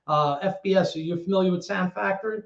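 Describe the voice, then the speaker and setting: A man with a New York accent, a former club DJ telling stories as an interview guest, animated and swearing freely. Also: high-pitched, creaky. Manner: animated, swearing storyteller with quick restarts. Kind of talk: casual storytelling interview. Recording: echoey room, dull lo-fi audio.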